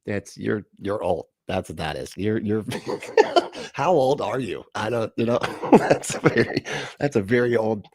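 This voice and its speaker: Lowish dude ranting on his stream, sarcastic, swears a lot, dead dry mic. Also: lively intonation, measured pace, darkish tone, no echo. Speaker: livestream host. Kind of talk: casual reaction commentary.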